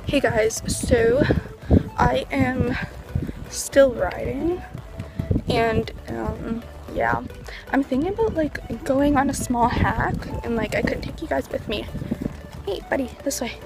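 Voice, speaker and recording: A woman's voice: on the high side, takes it slowly, creaky, over loud music. A woman chatting casually in a riding vlog, filling her talk with "like" and coaxing her horse along as she rides. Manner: chatty, full of "like" fillers. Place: outdoors at a barn, on horseback.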